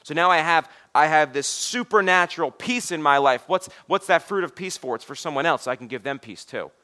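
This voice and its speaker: Man preaching, brisk and bright tone, slightly high voice, chatty sermon delivery. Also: lively intonation. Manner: conversational, repeats words, drops to a soft voice for quoted lines. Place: church.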